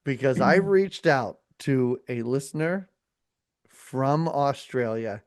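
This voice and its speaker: A chatty podcast host talks casually and rambles, often circling back with "like" and quick restarts. The voice sits at a middling pitch. It is recorded close and dry, with no room sound. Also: lively intonation, no echo. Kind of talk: casual chat.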